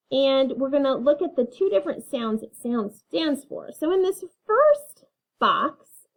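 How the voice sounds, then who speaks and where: A woman's voice: high voice, darkish tone. A woman teaching a phonics lesson, reading words and having learners repeat them patiently. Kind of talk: phonics lesson, slow and clear.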